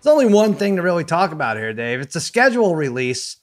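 A man with a notably high voice co-hosts a casual sports chat. He is animated and likes to act out what people said. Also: quick pace, faint music behind. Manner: animated, acts out quotes. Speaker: podcast co-host.

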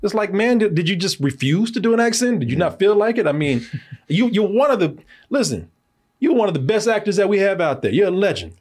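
A man's voice: high voice, very animated, brisk, darkish tone. An American man hosting a film review podcast in casual chat. He talks animatedly, laughs often, swears and uses lots of fillers.

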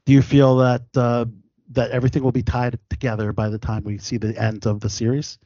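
A man's voice: medium pitch, little pitch movement, brisk, dark tone, dry recording, dull audio. An American man hosting a casual interview show, talking with many fillers and restarts. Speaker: podcast host.

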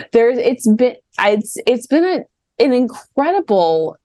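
A woman's voice: fairly high pitch, big pitch swings, slow pace, dark tone, no echo. A woman speaking as a podcast guest in casual chat, thoughtful and academic in how she talks.

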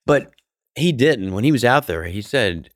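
A middle-aged male comedian telling a backstage anecdote in an animated, profane way, acting out the people he quotes. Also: medium pitch, normal speed, no room sound, studio quality. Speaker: comedian guest. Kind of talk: storytelling anecdote.

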